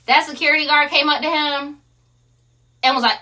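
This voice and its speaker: A woman's voice: high-pitched, fairly quick, pauses often, pushed and bright. A young woman, telling a casual story full of profane slang. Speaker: streamer.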